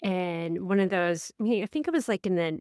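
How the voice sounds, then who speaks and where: A woman co-hosting a casual podcast, a life coach who tells stories with lively, acted-out quotes. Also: fairly quick, clean tone, no echo, clean studio sound. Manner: animated storyteller, acts out quotes with big pitch swings.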